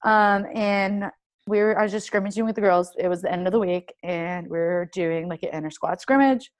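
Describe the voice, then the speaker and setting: A woman's voice: mid-range voice, brisk. Chatty young woman telling a story. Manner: animated, heavy use of "like", acts out quoted dialogue. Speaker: guest, professional soccer player. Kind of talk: casual interview storytelling.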